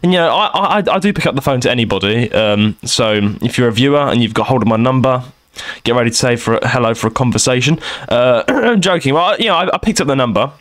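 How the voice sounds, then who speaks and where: A man's voice: mid-range voice, animated, fast, fairly bright tone. Young man, podcast co-host, rambling storyteller, laughs a lot, swooping voice. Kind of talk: casual chat.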